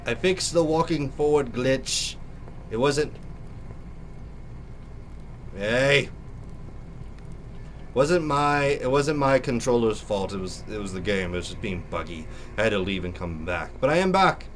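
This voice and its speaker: A man's voice: medium pitch, lively intonation, measured pace, pauses often, a little hiss or hum. A young man with a sore throat giving jokey, theatrical let's play commentary as a gaming YouTuber.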